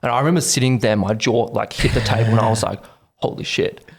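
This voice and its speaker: A man in his twenties with an Australian accent, a podcast guest telling his story in a casual interview, animated and acting out quotes. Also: lowish voice, very fast, breathy edge. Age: 20s.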